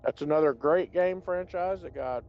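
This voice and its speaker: A man's voice: on the high side, normal speed, creaky, dull audio. A man player chatting casually about video games at a tabletop session, with wry, opinionated banter.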